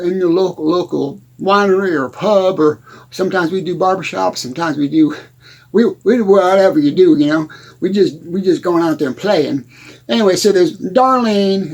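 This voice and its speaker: A rambling, stammering country bumpkin, played by a man, tells folksy small-town tales in a comedy monologue. His voice sits high and keeps repeating and restarting words. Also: gravelly, darkish tone. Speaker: comedy character host.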